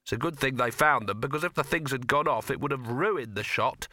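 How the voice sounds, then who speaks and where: A man's voice: medium pitch, brisk, sharp tone, dry recording, clean studio sound. A man voicing a shrewd young man who needles with pointed understatement, in an audiobook reading. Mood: needling.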